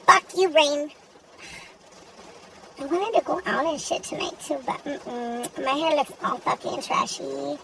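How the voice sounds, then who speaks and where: A young woman voicing a sassy, foul-mouthed young woman in an animated gacha video, ranting in an exasperated, profane way. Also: sits high, measured pace, creaky, recorded from a distance, slight background noise, heavily acted. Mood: irritated. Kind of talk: comedic rant monologue.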